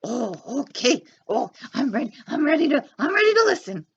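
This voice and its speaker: A woman's voice: sing-song, unhurried, a bit bright, dull audio, exaggerated voice. A woman voicing a shy, nervous young boy who stammers and gushes, on a children's storytime show. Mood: bashful. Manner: stammering, gushing, wide pitch swings.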